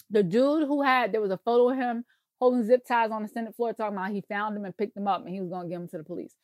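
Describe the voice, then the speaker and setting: A woman's voice: on the high side, dry recording, clean studio sound. A woman co-hosting a podcast, ranting in casual conversation, emphatic and profane. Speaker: podcast co-host.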